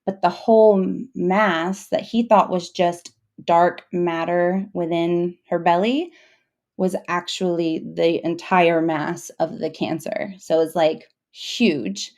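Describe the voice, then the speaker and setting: A young woman, a mother, telling a personal story in a casual, emotional, halting way, full of fillers and restarts. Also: lowish voice, fairly even intonation, a little mellow.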